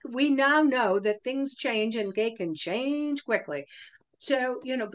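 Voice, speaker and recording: A middle-aged woman, a podcast guest, talking in a fairly high voice. She explains her method step by step, pausing on purpose and leaning on her inflection. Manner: animated, explains step by step, deliberate pauses. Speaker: podcast guest, sales trainer. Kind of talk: casual interview talk.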